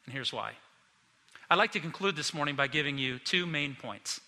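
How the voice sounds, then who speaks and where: A middle-aged male pastor giving an animated sermon, acting out the disciples in quick asides. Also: a little high, in a large hall.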